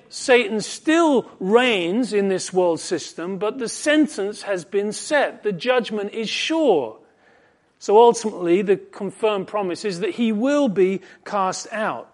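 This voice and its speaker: High-voiced man preaching a sermon. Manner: earnest, emphatic, slows on scripture quotes. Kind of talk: expository sermon.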